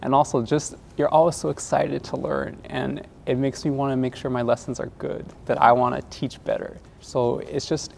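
A man teacher earnestly and gently thanking one of his students. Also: mid-range voice, little pitch movement, normal speed, vocal fry, hardly any pauses, a little hiss or hum.

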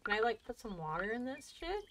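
A young woman streaming a video game, chatting excitably and talking to herself as she plays. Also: on the high side, brisk, slight background noise. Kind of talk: casual let's-play commentary.

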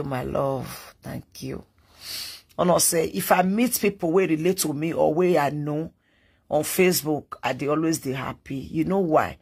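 A woman's voice: low-pitched, vocal fry, breathy edge. A woman with a Nigerian accent hosting a live stream, telling a family story to her viewers in casual, chatty talk that drifts between Pidgin and English.

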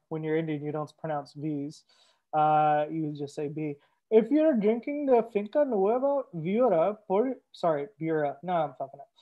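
A man's voice: sits high, phone-quality sound. A young man hosting a live wine tasting, chatting casually and talking straight to his viewers. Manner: chatty, upbeat, addresses viewers directly. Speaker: sommelier and show host.

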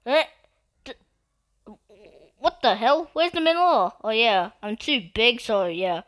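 A woman giving live gameplay commentary, excitable and given to repetitive trash talk at other players. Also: mid-range voice, normal speed. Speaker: gamer.

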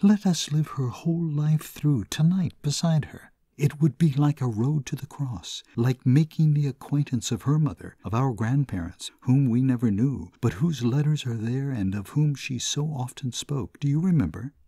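Male reader as devoted grieving nun, lifted pitch, husky, breaking voice, storybook reading. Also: moderate pace, hardly any pauses, dark tone, dry recording, clean studio sound. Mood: grieving, pleading. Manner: pleading, breaking with grief.

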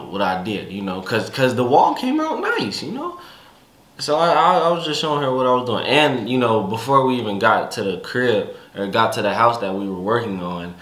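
A young man casually recounting a family conflict in relaxed, slangy speech with many restarts. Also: on the low side, echoey room. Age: young adult. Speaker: son telling his story. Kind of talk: casual storytelling.

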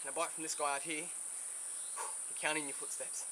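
A man's voice: a little high, normal speed. Australian man murmuring to a snake outdoors. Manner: soothing murmurs to the animal between excited explanation. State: sweating, a bit out of breath. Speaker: wildlife presenter. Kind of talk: field commentary while handling a snake. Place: outdoors in bush country. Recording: outdoor field recording, loud insect noise. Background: buzzing insects and crickets.

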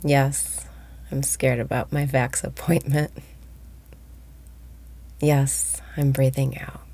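A woman guiding a meditation, speaking slowly and softly, often breathy and whispered. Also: very deep voice, little pitch movement. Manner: slow, soft-spoken, often breathy and whispered. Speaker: meditation guide. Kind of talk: guided meditation.

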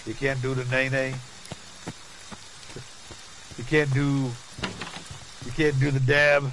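A man's voice: medium pitch, little pitch movement, slow, pauses often, fairly bright tone, a little hiss or hum, rough recording. A middle-aged man chatting casually over his gameplay, laughing often and talking to his chat and teammates. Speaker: gaming streamer.

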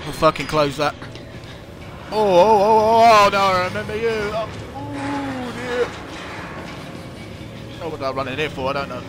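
A man's voice: high voice, sing-song, normal speed, long pauses, over music. A man commentating a horror game, swearing a lot, jumpy, and talking back to the characters on screen. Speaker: gamer.

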